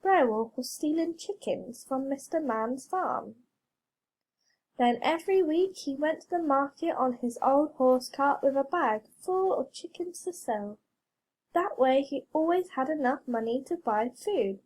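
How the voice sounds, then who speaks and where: A woman reading a children's story aloud, slow, clear and expressive. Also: high voice. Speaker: reader.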